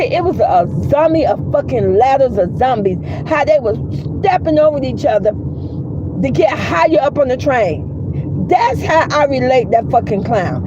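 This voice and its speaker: A woman hosting a casual commentary chat, telling stories in a blunt, profane, animated way. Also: high-pitched, dull audio, noisy background. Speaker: commentary livestream host.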